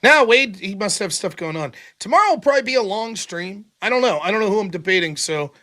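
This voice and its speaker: A man with a high, bright voice hosts a casual livestream. He tells stories in a loose and profane way, with lively swings in his delivery. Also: quick pace. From America. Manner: profane, animated storytelling. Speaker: host.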